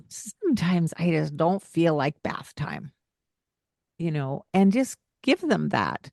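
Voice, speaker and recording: Slow-talking woman hosting a parenting podcast. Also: fairly low pitch, wildly swooping pitch, gravelly, a little mellow, dry recording, clean studio sound. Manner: laughs often, acts out parent and child lines. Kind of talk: casual podcast chat.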